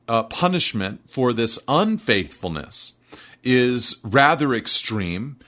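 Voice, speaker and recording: Male preacher, medium-pitched voice, emphatic expository sermon. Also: fairly bright tone.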